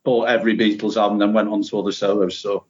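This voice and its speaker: A man with a lowish voice talks as a podcast guest, relaxed and opinionated, warming up with enthusiasm about what he loves. The sound is muffled and lo-fi. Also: quick pace. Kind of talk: casual podcast conversation. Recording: dull lo-fi audio.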